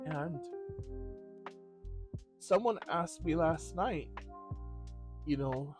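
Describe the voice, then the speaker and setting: A man hosting a podcast, crying through a halting, raw personal monologue. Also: on the high side, animated, over music. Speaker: podcast host.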